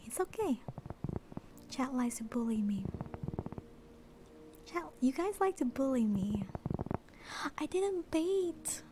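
A woman streamer whispering and chatting softly with her viewers in a whispered role-play. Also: fairly high pitch. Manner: soft whispering, chatting with chat. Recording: noisy stream recording.

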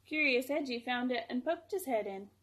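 A woman reading a picture book aloud to children, gentle and expressive. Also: high voice, normal speed, a little hiss or hum.

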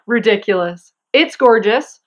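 In lo-fi audio, a young woman with a fairly high-pitched voice presents a knitting podcast from home. She chats casually to camera, giggling and making excitable side comments.

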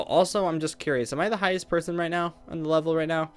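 Young male gamer, a bit high-voiced, muttering then blowing up at the game, faint music underneath. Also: fairly even intonation, quick pace, hardly any pauses, clean tone. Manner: frustrated, talks to himself, swings between mutters and outbursts. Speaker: gaming youtuber. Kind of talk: gameplay commentary.

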